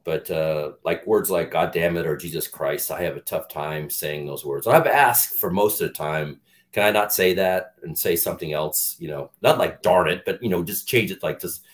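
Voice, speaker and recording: A man's voice: a bass voice, normal speed, hardly any pauses. A middle-aged man, an actor guest in an interview, telling candid stories in a rambling, casual way with lots of restarts.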